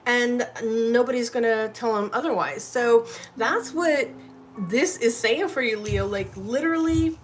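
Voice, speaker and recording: Brief: effusive woman tarot reader on a live stream, bright high voice, faint music under her. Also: a little slow. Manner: chatty and effusive, often says "literally" and "right?".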